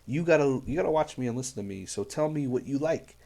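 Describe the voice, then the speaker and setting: A man's voice: medium pitch, expressive, fast talker, vocal fry, warm tone. A man hosting a music reaction video, talking in an earnest, rambling way with many fillers and restarts. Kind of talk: casual reaction commentary.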